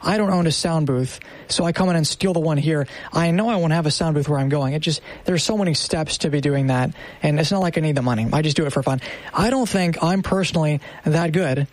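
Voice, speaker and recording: Young male radio producer, chatty and upbeat, light higher voice. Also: fairly quick, no room sound. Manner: upbeat, self-deprecating, chatty. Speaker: military radio producer and voice actor. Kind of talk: casual chat.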